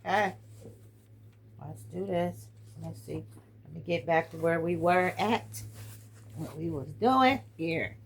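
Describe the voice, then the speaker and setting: A woman talks casually and directly to her viewers, calling them y'all. Her voice sits low and sounds a little strained. She records on a phone, with faint noise behind her. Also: slow pace, vocal fry, long pauses. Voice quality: voice strained by weather and heated talks. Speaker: host. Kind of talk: casual live-stream talk.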